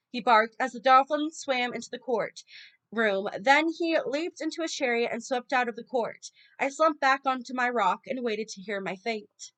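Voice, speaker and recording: A woman's voice: a little high, normal speed, fairly bright tone. A woman casually reading a children's novel aloud, stumbling and correcting herself often. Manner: informal reading with frequent stumbles. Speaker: audiobook reader.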